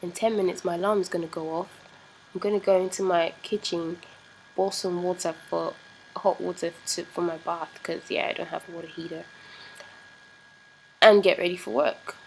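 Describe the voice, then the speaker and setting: Nigerian woman, young adult, rambling casual vlog, lowish voice, faint background hiss. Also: flat delivery, moderate pace, gravelly, pauses often, rough recording. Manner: chatty, rambling, laughs easily.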